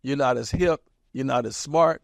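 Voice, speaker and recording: A man's voice: medium pitch, moderate pace, creaky, no room sound. A man in his seventies from small-town Kansas, an interviewed community activist recalling his past in an emphatic, wry storytelling way and chuckling at his own anecdotes.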